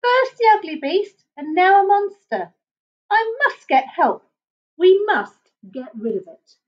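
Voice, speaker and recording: A woman voicing a small, frightened male bush baby who squeaks and pleads in a panic. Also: big pitch swings, slow, muffled recording, heavily acted. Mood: alarmed.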